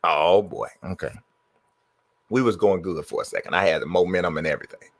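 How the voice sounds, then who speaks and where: A man's voice: deep voice, brisk, no echo. A man streaming gameplay, muttering and trash-talking his players as he plays. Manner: trash-talks the game, mutters to himself. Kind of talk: live gameplay commentary.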